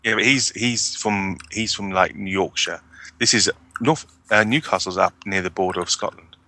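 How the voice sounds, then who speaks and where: A man co-hosting a podcast, chatting in a lively, joking way. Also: deep voice, normal speed. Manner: lively, chatty, jokes about accents. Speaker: podcast co-host. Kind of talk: casual chat.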